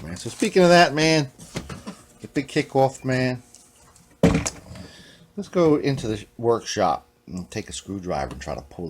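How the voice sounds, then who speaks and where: A man's voice: low voice, slight background noise. A man hosting a casual guitar-repair vlog. He talks in a laid-back, rambling way, ends most sentences with "man", and now and then drops into a muttered whisper.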